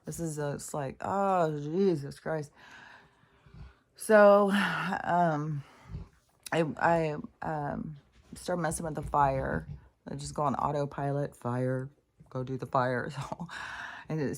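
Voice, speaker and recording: A woman's voice: sits low, slow pace. A woman talking to camera at home late at night, rambling and restless, swearing freely, laughing at herself and sometimes dropping to a whisper. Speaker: vlogger. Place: home living room by the couch.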